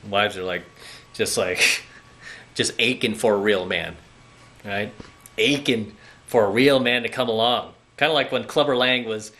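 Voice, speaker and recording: A man's voice: fairly low pitch, a little slow, pauses often, sharp tone. A man speaking as a dating coach in a direct-to-camera monologue, lecturing bluntly and often checking in with "okay?" and "right?".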